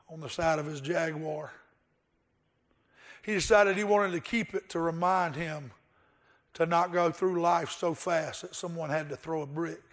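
A male pastor delivering an earnest sermon, with rhetorical questions and a told story. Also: fairly high pitch.

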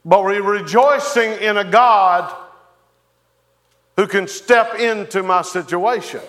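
A man preaching a sermon as pastor, halting and folksy, with many fillers and repeated words. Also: high voice, fairly bright tone. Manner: folksy, leads the congregation in song.

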